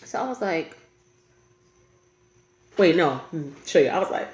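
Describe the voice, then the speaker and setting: A woman's voice: deep voice, normal speed. A woman, telling a personal story in a casual vlog and acting out the other voices in it. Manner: animated, laughing, acts out quoted voices. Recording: echoey room.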